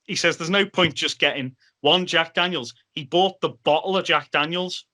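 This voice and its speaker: A podcast guest from Liverpool, England, tells easygoing anecdotes at a normal speed. His very bright voice sits a little high for a man, and he tells each tale with animation, imitating other people's lines.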